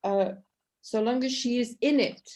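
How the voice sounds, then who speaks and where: A woman's voice: fairly high pitch, measured pace. Workshop leader: middle-aged woman on a video call, encouraging, asks "okay?" a lot. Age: middle-aged or older. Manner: warm and encouraging, with frequent "okay?" checks. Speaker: EFT tapping workshop leader.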